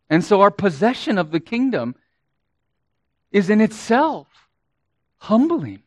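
A man preaching a sermon as pastor, slow and emphatic, rising and falling in volume for emphasis. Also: sits high, sing-song, no room sound.

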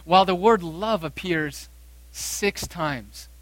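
A man preaching a sermon from the pulpit, his voice sitting a little high for a man. He hammers points home by repeating phrases and slows right down on quoted verses. The sound is dry and close, with no room echo. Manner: emphatic preaching, rising to loud stresses and slowing on quoted verses. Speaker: pastor.

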